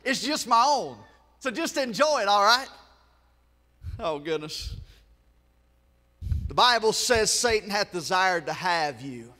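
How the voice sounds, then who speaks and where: A man with a Southern US accent preaching a sermon in a church, swelling into shouts and breaking off for joking asides to the congregation. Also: sits high, sing-song, takes it slowly, long pauses, in a large hall. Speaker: pastor. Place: church sanctuary.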